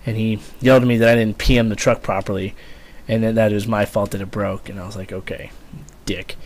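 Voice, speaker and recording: A man's voice: on the low side, level tone, fast, a little hiss or hum. Profane rambling man telling a story. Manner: rambling, profane, lots of fillers. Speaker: vlogger, former Marine. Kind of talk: casual storytelling.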